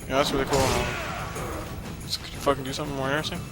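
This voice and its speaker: A man's voice: mid-range voice, flat delivery, fast talker, over loud music. A man giving casual, sarcastic let's play commentary, loosely paraphrasing the game's dialogue with lots of swearing. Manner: tired and cranky.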